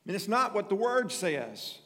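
A man's voice: high voice, very animated, a little slow, a bit bright. A man preaching a sermon as pastor, emphatic and repeating his points, calling on members of the congregation by name. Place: church sanctuary. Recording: church hall with long reverb.

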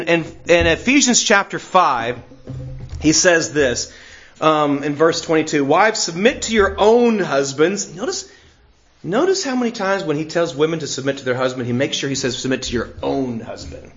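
A man's voice: on the high side, a bit bright, highs cut off. A middle-aged man preaching a sermon in an earnest way, laughing often and repeating words as he searches for them. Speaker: pastor.

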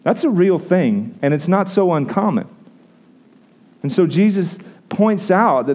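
Male pastor, warm low-key tone, conversational sermon, frequent restarts. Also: expressive, measured pace. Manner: conversational preaching with repeated restarts.

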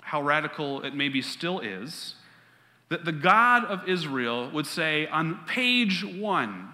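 A man preaching a sermon as pastor, emphatic, repeating key lines, with quick asides. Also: a little high, big pitch swings, sharp tone. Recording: long reverb of a large hall.

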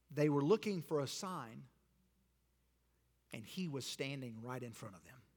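A man pastor preaching a sermon in an animated way, swinging from loud declarations to hushed lines. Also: medium pitch, breathy edge. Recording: long hall reverb.

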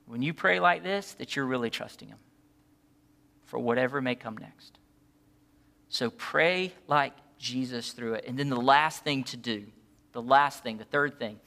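A pastor delivers an earnest, pleading sermon, his slightly high voice shifting between soft, quiet stretches and impassioned ones.

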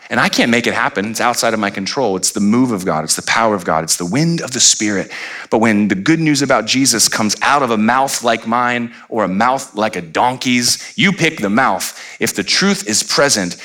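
A man preaching a sermon as pastor, animated, with playful asides and rising to near-shouts. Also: fairly low pitch.

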